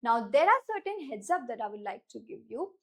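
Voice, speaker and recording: High-voiced Indian English woman, clear and deliberate teacher read. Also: big pitch swings. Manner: clear, deliberate, slows down to stress key words. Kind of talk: instructional lesson.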